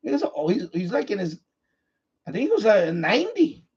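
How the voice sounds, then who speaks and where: Man, radio stream host, casual rambling chat, husky, muffled lo-fi sound. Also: high-pitched, huge pitch swings, normal speed, darkish tone. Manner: repetitive, restarts sentences often. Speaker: livestream host, amateur radio operator.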